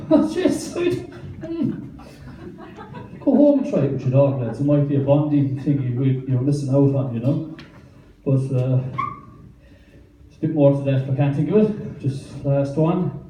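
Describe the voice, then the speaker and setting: An Irish man in his thirties doing rambling, deadpan stand-up at an open mic night. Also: on the high side, slight background noise. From Ireland. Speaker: stand-up comedian. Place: small wine bar open mic night. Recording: roomy, distant bar recording.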